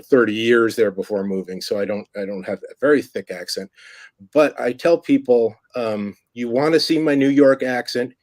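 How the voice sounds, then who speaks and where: Low-voiced rambling middle-aged man. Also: a little mellow, no echo. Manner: rambling, with many restarts. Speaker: filmmaker guest. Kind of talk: casual interview chat.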